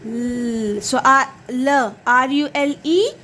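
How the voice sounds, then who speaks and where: A woman's voice: sits high, takes it slowly, fairly bright tone, slight background noise. A woman drilling her young child on phonics, patiently spelling out letters one by one and praising each answer.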